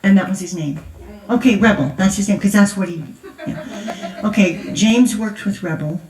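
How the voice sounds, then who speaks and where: An older woman, a grandmother, tells stories and laughs her way through a chatty testimony at a conference in a large church hall. Her mid-range voice is slightly mellow and moderately paced, and it sounds distant in the echoey room.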